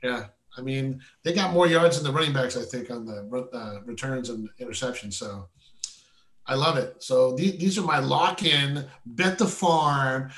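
A man's voice: medium pitch, normal speed, a bit bright. A man from the San Francisco Bay Area giving his weekly sports betting picks in casual, playful chat. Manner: confident, playful, talks in bursts. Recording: roomy echo.

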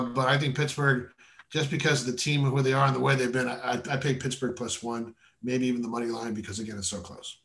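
A man's voice: mid-range voice, creaky, a bit bright. A man from the San Francisco Bay Area giving his weekly sports betting picks in casual, playful chat. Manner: confident, playful, talks in bursts. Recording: roomy echo.

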